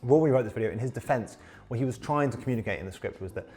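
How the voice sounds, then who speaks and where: A man's voice: medium pitch, very fast, darkish tone, soft background music. A man hosting a casual podcast discussion, explaining at length with many ums and restarts. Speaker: podcast host.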